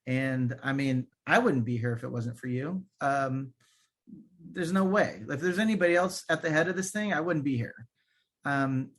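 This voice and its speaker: A man's voice: fairly high pitch, a bit bright. A man talking casually on a video call, sincere and plain-spoken, with many "like"s. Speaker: colleague, guest. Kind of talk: casual chat.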